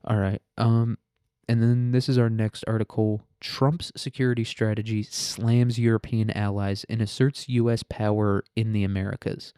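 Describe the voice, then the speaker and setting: Male commentary host, low, mellow voice, crude, sarcastic delivery, dry close sound. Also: little pitch movement, normal speed, smooth, no echo. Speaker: podcast host. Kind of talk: casual current-events commentary.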